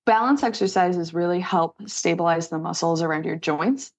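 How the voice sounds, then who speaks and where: A woman's voice: fairly low pitch, moderate pace. A woman strength coach explaining exercises step by step in a casual, upbeat interview. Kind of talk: conversational interview.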